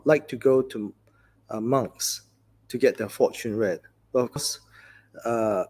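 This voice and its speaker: A man who is a Buddhist monk, giving a dharma talk in a gentle, conversational storytelling way, often saying "you know". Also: medium pitch, husky.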